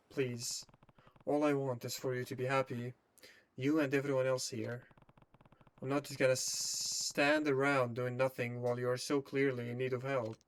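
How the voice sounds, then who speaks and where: A man playing a stoic, steady orphanage guardian. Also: mid-range voice, close to an everyday voice. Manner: calm, firm, protective.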